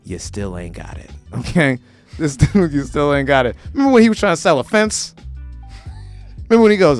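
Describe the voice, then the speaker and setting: A man's voice: fairly high pitch, very animated, fairly quick, faint music behind. A man hosting his own show, ranting animatedly to camera in a profane, comedic way and slipping into mocking voices. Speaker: show host.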